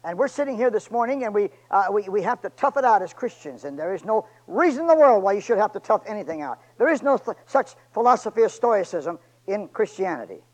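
A man preaching a sermon in church, swinging from loud shouts to near whispers, with joking asides to the congregation. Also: sits high, very animated, quick pace, few pauses, low-quality recording. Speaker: pastor. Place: church sanctuary.

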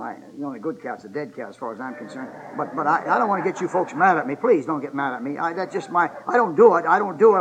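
A man in his seventies preaching a sermon in a folksy, joking way, telling stories and building up to loud exhortation. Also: on the high side, rough recording. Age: 70s.

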